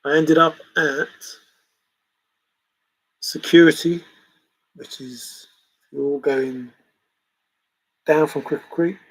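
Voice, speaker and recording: A man's voice: mid-range voice, breathy edge, rough recording. A man hosting a livestream, chatting casually in a rambling way and chuckling as he reacts to viewers' comments. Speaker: livestream host reading chat. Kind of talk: casual chat.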